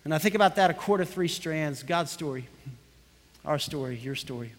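A man's voice: on the high side, expressive, moderate pace, in a large hall. A man preaching a sermon as pastor, telling a story and building to fervent emphasis.

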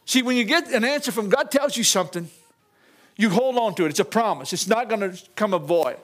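A high-pitched older man with a drawl is preaching a sermon. His manner is folksy and chuckling, and he keeps calling out to the congregation as he tells the story. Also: lively intonation, fairly quick, fairly bright tone.

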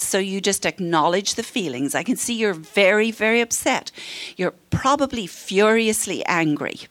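With a medium pitch, big swings in intonation, and a moderate pace, a middle-aged woman counselor runs a parenting workshop for a live audience. Her voice is a bit bright, and she's friendly, frequently laughing and acting out parent and child dialogue.

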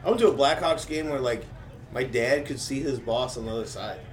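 A man's voice: medium pitch, brisk. A man in casual podcast chat, loose and opinionated, telling jokes and stories. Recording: distant mic.

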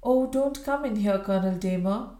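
An anxious young woman pleads through her tears, her voice lifting higher than the narration, as a woman reader puts her on. The recording has a roomy echo. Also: lively intonation, moderate pace, darkish tone, close to an everyday voice. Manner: pleading, tearful.

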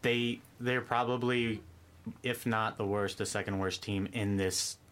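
A man talking sports in casual chat, measured and explanatory, with many ums. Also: lowish voice, fairly even intonation, fairly bright tone. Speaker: sports pundit.

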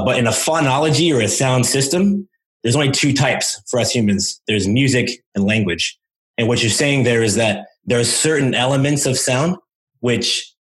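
A man's voice: lowish voice, a bit bright. A man answering interview questions as a language coach, explaining with enthusiasm and demonstrating sounds aloud.

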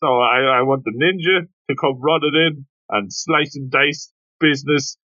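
A man's voice: on the high side, bright, forceful tone, dry recording. A man co-hosting a podcast in a casual talk about manga, chiming in with playful jokes. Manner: playful, quick jokey interjections. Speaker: podcast co-host. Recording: dull lo-fi dry mic.

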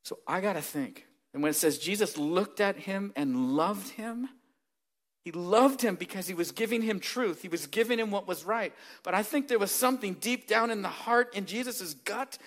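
Male pastor with a high-pitched voice, earnest and emphatic sermon delivery, hushed to raised. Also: moderate pace.

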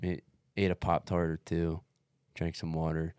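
A man's voice: deep voice, monotone, normal speed, darkish tone, smooth, no echo. A man telling a long race story in casual podcast chat, blunt and emphatic, swearing constantly. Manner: blunt, heavily profane, emphatic. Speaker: podcast co-host recounting a race.

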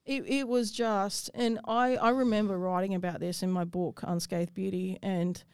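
A woman's voice: medium pitch, fairly even intonation, moderate pace, darkish tone, clear, resonant tone, no echo, clean studio sound. A woman, telling a personal story in an interview, blunt and swearing freely. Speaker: guest.

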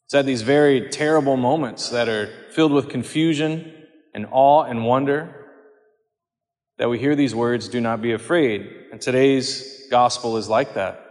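A man giving a homily on scripture in a measured, earnest way, slowing down whenever he quotes. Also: medium pitch, darkish tone. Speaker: priest. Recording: long hall reverb.

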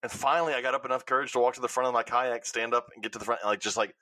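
A man, hosting a podcast and telling animated stories in casual chat. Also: mid-range voice, rapid-fire, no echo. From Louisiana. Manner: animated storytelling with swearing. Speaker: podcast host.

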